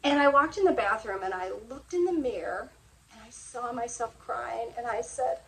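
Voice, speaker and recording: A woman's voice: on the high side, normal speed, creaky, rough recording. A middle-aged woman hosting a motivational talk, speaking earnestly and sharing personal stories in a confiding way. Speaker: host.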